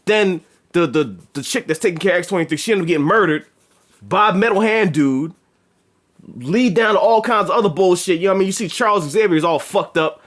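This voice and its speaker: A man reviewing a film in casual chat, animated and profane, acting out scenes in slangy speech. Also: high-pitched, brisk. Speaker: movie reviewer.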